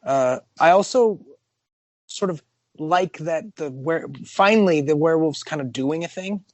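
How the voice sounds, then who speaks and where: A man's voice: fairly high pitch, a little slow, no echo. A man co-hosting a casual comic-book podcast, rambling and joking with many restarts. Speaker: podcast co-host.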